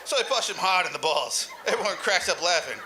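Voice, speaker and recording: A man's voice: sits high, lively intonation, brisk, pushed and bright, a little hiss or hum, low-quality recording. A man telling a crude, rambling comic story as an old lounge comedian, laughing through his own jokes. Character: lounge comedian claiming eighty-five years.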